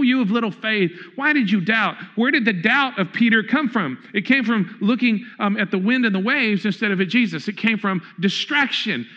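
A man's voice: high voice, sharp tone, muffled recording. A male pastor preaching a sermon in a conversational way, asking the congregation questions.

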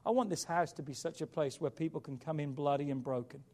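A man preaching a sermon as pastor, with emphatic rises and quiet drops. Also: on the high side, fast.

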